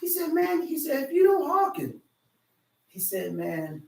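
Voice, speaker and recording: Slow, echoey preaching man. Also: very high-pitched, wildly swooping pitch, gravelly. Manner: emphatic and repetitive, reads scripture then restates it in street slang. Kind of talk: sermon, scripture reading and commentary. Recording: echoey room, far from the mic.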